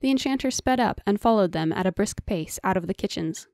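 Lady reading a fantasy story, calm and steady, dead dry recording. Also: medium pitch, a little fast, no echo. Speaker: audiobook narrator. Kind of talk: scripted fantasy narration.

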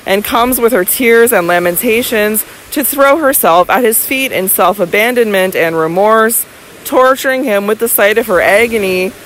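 A woman reads a classic novel aloud in a somewhat high voice. Her narration is dramatic and impassioned, with faint hum behind her. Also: moderate pace, a bit bright, rough recording. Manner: dramatic, impassioned literary reading. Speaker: audiobook narrator. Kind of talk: scripted narration.

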